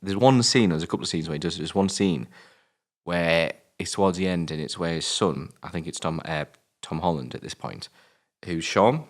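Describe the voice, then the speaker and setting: British male co-host, very low voice, loose rambling film chat with fillers. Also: normal speed. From Britain. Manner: rambling, many fillers and restarts, swears casually. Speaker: film review podcast co-host. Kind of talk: casual film discussion.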